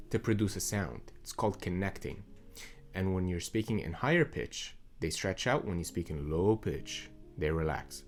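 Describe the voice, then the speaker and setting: Young male voice coach, lowish voice, calm measured teaching delivery. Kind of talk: instructional explainer.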